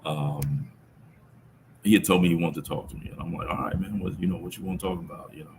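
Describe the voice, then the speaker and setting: A middle-aged man telling a personal story about his son in an interview, speaking in a reflective, halting way with many restarts. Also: low voice, fairly even intonation, noisy background. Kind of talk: conversational storytelling.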